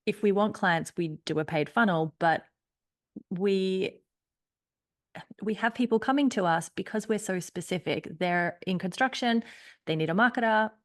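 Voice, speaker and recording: A woman's voice: mid-range voice, normal speed. Upbeat Australian woman giving business advice. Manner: upbeat, emphatic, laughs easily. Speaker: podcast guest, business strategist. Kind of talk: conversational interview.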